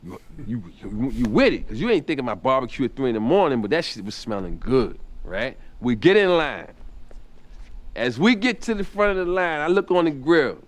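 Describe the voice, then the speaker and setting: Guy telling a stand-up story, animated, lots of restarts, normal pitch. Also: a little fast. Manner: animated, repetitive restarts, jumps up in pitch for impressions.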